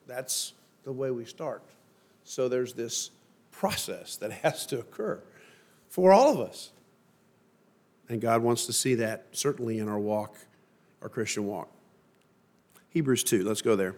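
A middle-aged man preaching a sermon and reading scripture in a measured, emphatic way. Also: medium pitch, lively intonation, a little mellow. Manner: measured, emphatic delivery with slow stressed phrases.

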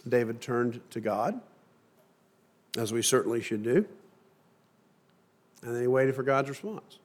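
A middle-aged man preaching a sermon and reading scripture in a measured, emphatic way. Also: mid-range voice. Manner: measured, emphatic delivery with slow stressed phrases.

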